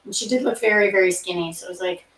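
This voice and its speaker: A middle-aged woman from Canada, chatting casually and rambling softly with fillers between study sessions. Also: lowish voice, very fast, recorded from a distance, a crowd in the background. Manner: soft, rambling storytelling with many fillers. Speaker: nursing grad student, study-with-me host. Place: home room. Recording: roomy, from off the mic.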